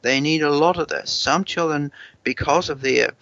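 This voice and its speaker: A man with a bright, forceful voice explains parenting strategies in an interview. He often doubles his words as he thinks and slips into the voice of a parent talking to a child. The recording is dry and a little muffled. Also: a little high, moderate pace, creaky, no echo. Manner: repeats words while thinking, acts out what a parent might say. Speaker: parenting expert guest.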